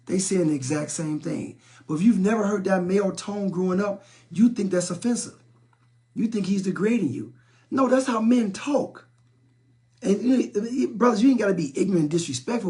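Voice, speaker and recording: Reading and answering viewer comments on his live relationship stream, this middle-aged South Side Chicago host talks at a moderate pace with a slightly mellow quality. His voice is gravelly and rather high for a man. Blunt and sermonizing, he often stumbles and says words twice.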